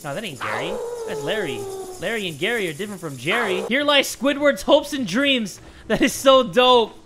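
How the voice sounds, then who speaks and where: A young man hosting video game commentary, excitable and joking, with loud outbursts. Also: sits high, moderate pace, a crowd in the background. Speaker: gaming channel host.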